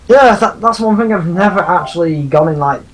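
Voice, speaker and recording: A man's voice: sits high, animated, a little fast, a little hiss or hum, low-quality recording. A man hosting a livestream, chatting casually and rambling over gameplay. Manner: chatty, rambling, laughs often. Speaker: streamer host.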